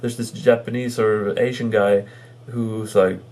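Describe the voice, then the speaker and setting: Halting, amused man with a low voice. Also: level tone, a little mellow. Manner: halting, full of fillers and restarts; amused, chuckles while recounting jokes. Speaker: movie reviewer. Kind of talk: casual spoken movie review.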